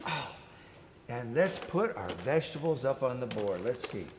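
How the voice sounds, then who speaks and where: A man's voice: medium pitch, expressive, moderate pace, background noise. A man telling a picture-book story to young children, acting it out playfully and giving the characters their own voices. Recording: echoey room with long reverb.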